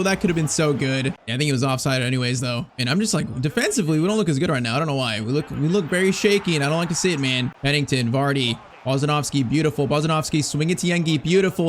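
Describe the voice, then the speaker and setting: A young man giving excitable, frustrated running commentary over his own gameplay, peppered with "bro" and "man". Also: on the high side, quick pace, hardly any pauses, slight background noise. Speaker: gaming YouTuber.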